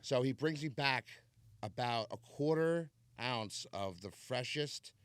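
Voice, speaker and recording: A man's voice: mid-range voice, slow, clear, resonant tone, no echo. Man telling a story on a dry podcast mic. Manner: animated storyteller, swears freely. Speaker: podcast host. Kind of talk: casual chat.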